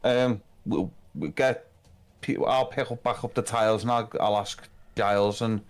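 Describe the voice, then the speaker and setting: A man's voice: lowish voice, fairly even intonation. A man playing a tabletop game, slipping into a cold, menacing tone for his character. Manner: plays his character as coldly menacing, slow and drawn out. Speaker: player.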